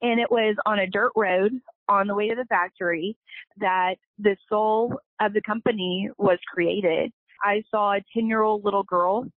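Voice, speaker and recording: Over a thin, tinny phone connection with a dry, echo-free sound, a woman speaks in a mid-range voice. She's a company founder and interview guest, sharing her story in a relaxed storytelling format with sincere emotion.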